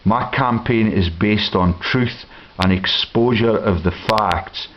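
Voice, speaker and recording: A man campaigning, giving a slow, accusatory commentary over film clips. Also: on the low side. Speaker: political campaigner. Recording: dull lo-fi with hiss.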